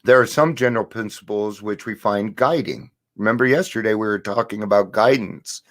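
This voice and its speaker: A man's voice: lowish voice, fairly quick, a bit bright. A man hosting a daily recovery livestream, talking in a loose, earnest way, swearing and laughing easily. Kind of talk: casual spiritual talk.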